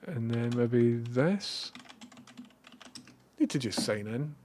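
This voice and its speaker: A Scottish man chatting casually on a live stream. He rambles, swears freely and now and then bursts out loudly. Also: medium pitch, takes it slowly, slight background noise. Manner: rambling and profane, with bursts of loud excitement.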